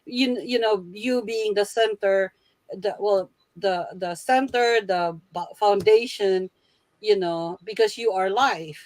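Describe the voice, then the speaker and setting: A woman's voice: medium pitch, a little mellow, no echo. Woman guest musing in a dry close voice. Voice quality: thoughtful, halting with many restarts. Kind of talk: casual chat.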